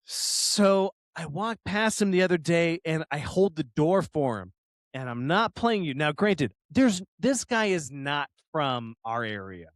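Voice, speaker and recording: A man's voice: on the high side, big pitch swings, measured pace, no room sound. A man hosting a podcast, casual chat, telling rambling stories full of swearing and laughter. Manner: rambling storyteller, swears a lot, laughs often, mimics people. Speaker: podcast host.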